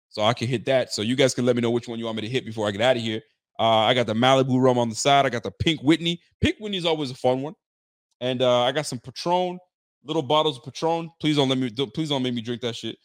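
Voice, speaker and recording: A man's voice: mid-range voice, no room sound, studio quality. A man hosting a casual live sports stream, talking loose, laughing, streetwise banter with lots of slang. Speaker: sports channel host. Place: room at home with a bar behind.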